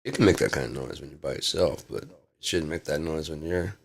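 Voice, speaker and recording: Gravelly, husky man rambling in rocker slang. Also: very deep voice, brisk. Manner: laid-back rocker slang, calls everyone man; drawling, swings from loud to mumbled. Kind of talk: comedic rambling monologue.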